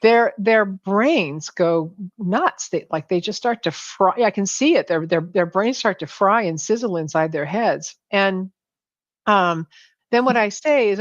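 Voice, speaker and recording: A woman's voice: mid-range voice, normal speed, no echo. A woman pricing coach, a guest in a conversational interview, talking animatedly with many restarts and self-corrections. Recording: dull lo-fi sound, dry.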